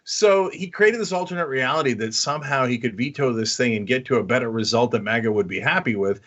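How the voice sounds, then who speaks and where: A man hosting opinionated political commentary, animated and mocking. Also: mid-range voice, fast, few pauses, highs cut off. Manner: animated, mocking, mimics others in exaggerated voices.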